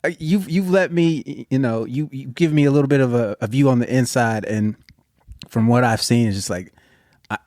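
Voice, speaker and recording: A man co-hosting a podcast, speaking in a halting, supportive way with stammers and restarts. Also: mid-range voice, a little mellow, no echo, clean studio sound. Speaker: podcast co-host. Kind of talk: casual podcast chat.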